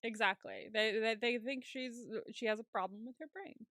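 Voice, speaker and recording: A woman's voice: on the high side, normal speed, no room sound, studio quality. A young woman co-hosting a podcast, casually recapping an episode and acting out characters' lines as she goes. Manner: animated retelling with quoted lines. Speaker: podcast co-host.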